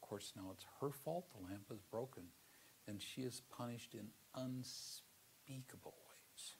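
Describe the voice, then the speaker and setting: A man's voice: mid-range voice, unhurried, creaky, a little hiss or hum. A middle-aged man giving a seminary theology lecture, telling a personal story earnestly with sudden emphatic bursts.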